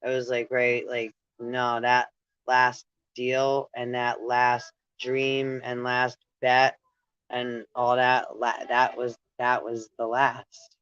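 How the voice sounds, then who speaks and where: This spiritual channel host speaks in a mid-range monotone at a slow pace, his voice a bit bright and smooth. The recording has no room sound and its highs are cut off. His talk meanders through restarts and frequent "right?" tags, and he laughs while relaying messages.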